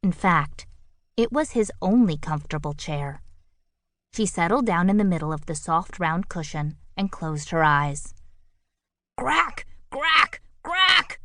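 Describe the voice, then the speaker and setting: A woman narrating a children's picture book audiobook with expressive, playful storytelling on a close studio mic. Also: low voice, unhurried, slight background noise.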